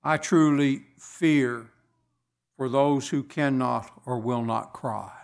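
A man delivering a sermon at an unhurried, drawn-out pace. He speaks deliberately, with measured pauses between phrases, at a middling pitch. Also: vocal fry, clear, resonant tone. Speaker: preacher.

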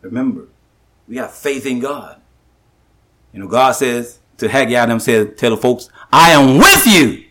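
A man preaching a sermon, emphatic and repetitive, slowing down to stress the scripture he quotes, with halting restarts. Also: fairly high pitch, fairly bright tone. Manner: slows and rises to stress scripture.

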